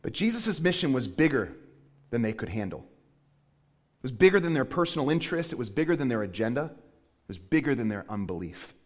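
A male pastor preaching a sermon with animated storytelling, often slipping into quoted voices. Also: mid-range voice, fairly quick.

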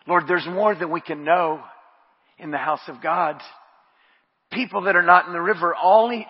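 A man preaching a sermon. He drops to hushed murmurs, rises to shouted refrains, repeats his phrases and speaks in tongues. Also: high-pitched, slightly rough. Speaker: pastor. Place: church sanctuary. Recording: dull audio with long hall reverb.

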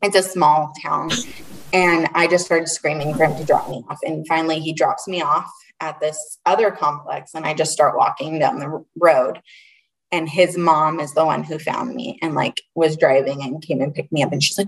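Brief: young woman, low voice, halting earnest storyteller, set back from the mic. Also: fairly even intonation. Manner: earnest, halting, with frequent restarts. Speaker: interview guest. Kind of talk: personal storytelling in an interview. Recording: voice a little far from the mic.

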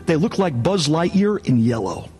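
A man, a rabbi, giving a sermon in an animated, dramatic storytelling way. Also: a little high, moderate pace, soft background music.

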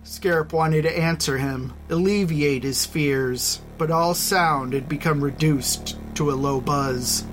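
An audiobook narrator reading a fantasy story in a measured, even storytelling voice. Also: mid-range voice, faint music behind. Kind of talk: scripted narration.

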